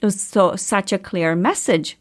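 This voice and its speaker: A middle-aged woman, a podcast host and coach, telling a personal story in a chatty, animated way and laughing often. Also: measured pace. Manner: chatty, animated, laughs often, pitch jumps up when excited.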